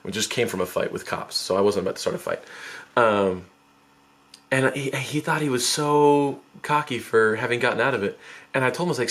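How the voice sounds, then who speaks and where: A young man spins a rambling storytime for his vlog, doubling back on himself and laughing at his own mistakes. His voice sits at a middling pitch and leaps into high, panicky bursts whenever he replays his past self. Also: a little fast, fairly bright tone. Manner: rambling, self-mocking, many fillers and restarts.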